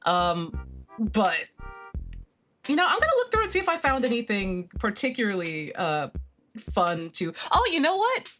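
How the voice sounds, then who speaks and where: A young woman streamer chatting casually with viewers, animated and slangy, swinging between excitement and deadpan. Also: on the high side, a little fast. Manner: slangy, lots of fillers. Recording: faint music behind the voice.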